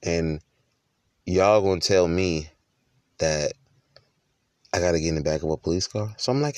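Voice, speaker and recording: Candid male storyteller, very low voice, dry close sound, casual monologue. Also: normal speed, pauses often, no room sound. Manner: candid, conversational, with frequent restarts. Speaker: husband and father.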